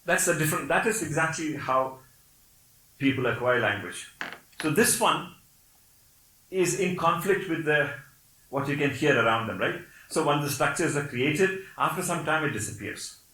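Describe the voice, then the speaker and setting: A man's voice: a little high, animated, moderate pace, pushed and bright, roomy sound, low-quality recording. An older man from Kerala, whose first language is Malayalam, speaks English with a Malayali accent while giving a lecture, explaining patiently and checking in with "Okay?". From Kerala, India. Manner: explanatory, with frequent "Okay?" checks and wry laughs.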